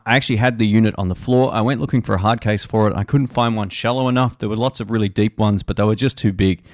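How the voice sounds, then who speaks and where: A man who plays guitar, hosting a podcast and talking casually about music and gear in a relaxed, rambling way full of fillers and restarts. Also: lowish voice, no echo, studio quality. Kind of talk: casual chat.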